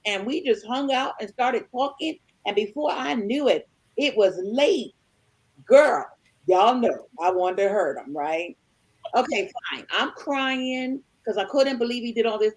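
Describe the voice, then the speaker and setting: A woman in her sixties with a husky, slightly breathy voice and a fairly high pitch. She tells her stories with animated back-and-forth dialogue and calls her listeners y'all. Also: moderate pace, poor audio. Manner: animated, acts out both sides of conversations, addresses listeners as y'all. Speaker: married guest panelist. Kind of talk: storytelling chat.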